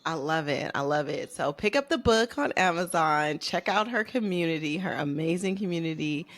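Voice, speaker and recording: A woman's voice: deep voice, expressive, moderate pace, fairly bright tone. A woman hosting a podcast interview, enthusiastic and affirming toward her guest. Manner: enthusiastic and affirming, full of praise. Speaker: podcast host. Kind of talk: casual interview talk.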